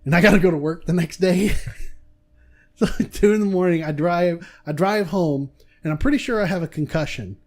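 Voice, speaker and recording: A young man, a podcast co-host, telling a story in casual chat, animated and laughing, swearing freely. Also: sits high, normal speed.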